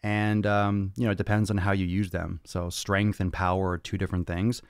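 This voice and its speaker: A man's voice: low-pitched, little pitch movement, normal speed, clean tone, dry recording, clean studio sound. A man hosting a fitness podcast, answering listener questions in a blunt, profane, lecturing way. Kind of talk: blunt Q&A monologue.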